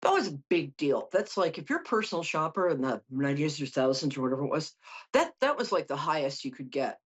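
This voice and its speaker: Deep, husky and very animated, this middle-aged woman talks fast on a muffled recording. Running a call-in psychic show without any sleep, she reads tarot with jokes, chatter and frequent asides.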